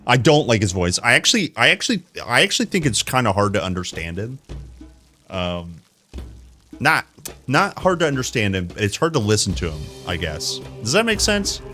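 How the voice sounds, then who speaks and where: A young man streams a game and talks to his chat in a loose, rambling way. His voice sits a little low, and he often restarts sentences and laughs between points. Game music plays quietly underneath. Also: big pitch swings, normal speed. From America. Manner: rambling, self-correcting, answers chat with laughs. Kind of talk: casual live-stream chat.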